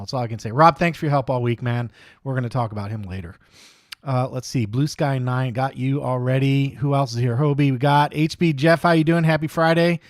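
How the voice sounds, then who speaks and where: A man's voice: medium pitch, dry recording, studio quality. A man hosting a live radio-control hobby stream, chatting casually and greeting viewers one by one in an upbeat way. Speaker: host of a live RC hobby show. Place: home studio desk.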